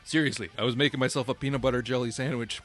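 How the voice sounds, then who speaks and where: A man's voice: medium pitch, fairly even intonation, racing, faint music behind. A man co-hosting a podcast in casual chat, giggly and self-mocking, short on sleep and laughing to tears. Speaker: podcast co-host.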